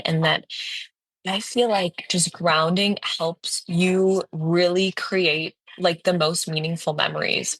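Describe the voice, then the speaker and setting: A woman's voice: low voice, fairly bright tone, no echo. A woman co-hosting a spiritual podcast, earnest and reassuring, talking with many "like"s. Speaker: podcast co-host. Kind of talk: casual chat.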